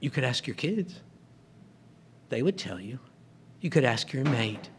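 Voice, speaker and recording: A man's voice: medium pitch, lively intonation, measured pace, background noise. A man preaching a sermon, retelling a story and acting out the characters' lines.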